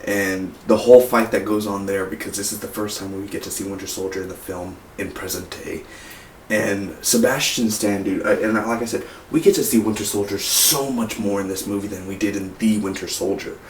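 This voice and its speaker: Man, low voice, casual movie review, rambling with fillers, echoey room, mic far away. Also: steady tone, a little fast. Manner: rambling, many fillers and restarts. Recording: roomy echo, mic far off, faint hiss.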